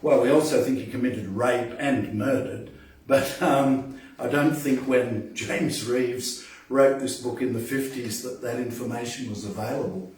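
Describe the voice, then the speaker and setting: Man, open mic reader, halting and unhurried, reciting old verse, very echoey room, far from the mic. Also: mid-range voice, steady tone, a little mellow. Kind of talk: reading and reciting verse aloud. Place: poetry event venue.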